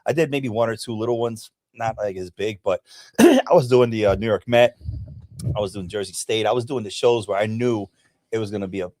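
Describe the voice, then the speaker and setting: Interview guest, middle-aged man from Puerto Rico, low voice, dry studio sound, reflective. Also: fairly quick, darkish tone, no room sound. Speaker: guest, bodybuilder. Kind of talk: casual interview talk.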